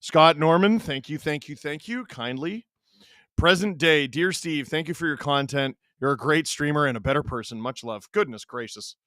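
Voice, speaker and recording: A man in his thirties hosting a stream, reading chat aloud and telling stories in an animated, casual way. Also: on the high side, moderate pace, dry recording, clean studio sound. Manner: animated storyteller, reads chat aloud, laughs often.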